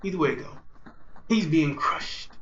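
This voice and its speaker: A man preaching a fiery street sermon, repeating himself and jumping between loud outbursts and low murmurs. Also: lively intonation, normal speed, lo-fi sound, slight background noise. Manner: repetitive, rhetorical, keeps asking "you see".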